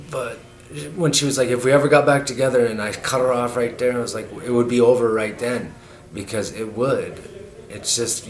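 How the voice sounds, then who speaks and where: Earnest low-voiced man musing, echoey room. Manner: meandering, earnest, many restarts and fillers. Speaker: vlogger. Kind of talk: rambling spiritual monologue. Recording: echoey room with faint noise.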